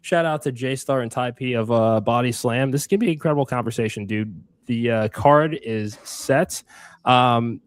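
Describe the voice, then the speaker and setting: A man's voice: medium pitch, normal speed, clean tone, no room sound. Upbeat man co-hosting a podcast, dry sound. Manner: energetic, swears casually, many fillers. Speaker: podcast co-host. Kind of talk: casual podcast chat.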